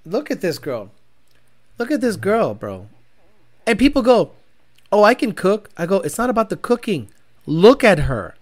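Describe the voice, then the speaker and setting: Brash male car-show host, casual profane rant with Spanish asides, lively pitch. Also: moderate pace, long pauses. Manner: profane, animated, with sudden bursts of Spanish.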